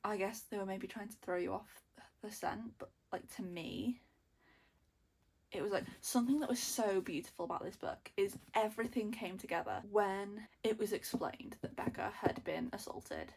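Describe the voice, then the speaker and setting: Young woman, book vlogger, gravelly husky tone, gushing casual chat. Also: medium pitch, moderate pace. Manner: excitable, gushing, lots of fillers and repeats. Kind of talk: casual reading vlog chat.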